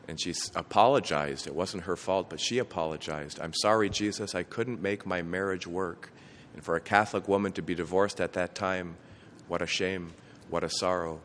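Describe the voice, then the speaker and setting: A man's voice: deep voice, fairly bright tone. A man, a bishop, preaching a homily, telling a family story in an earnest way with small restarts. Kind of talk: sermon. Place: church. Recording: long reverb from a church, faint noise.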